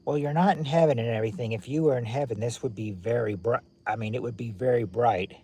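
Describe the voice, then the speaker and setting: A man's voice: medium pitch, fast talker, mellow, husky. A man hosting a livestream, chatting casually and rambling with viewers at home at night. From United States. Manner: rambling, chatty, restarts often. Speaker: livestream host. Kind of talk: casual chat with live viewers. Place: at home indoors with lights on at night.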